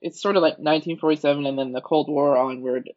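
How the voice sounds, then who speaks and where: A man's voice: fairly high pitch, steady tone, quick pace. A man co-hosting a podcast in casual chat, thinking aloud and hesitating often. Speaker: podcast co-host. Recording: dull lo-fi sound.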